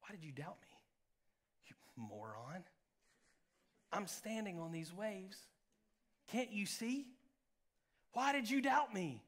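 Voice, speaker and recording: Scornful scolding Jesus figure, put on by a male preacher, sharp and rising. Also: high-pitched, lively intonation, takes it slowly, pauses often, voice pushed up, heavily acted.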